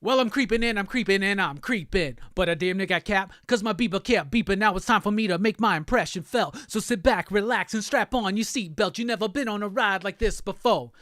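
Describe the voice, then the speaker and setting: Excited man rapping along, dry close mic. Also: high voice, fairly quick, few pauses, dry recording. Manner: excited, rapping along to nineties songs, swearing. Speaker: host. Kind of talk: casual live-stream chat.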